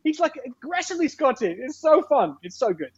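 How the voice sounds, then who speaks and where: Lively speaker on a dull lo-fi line. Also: high-pitched, brisk, crowd noise. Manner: animated, laughing. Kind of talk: casual film discussion. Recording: dull lo-fi sound.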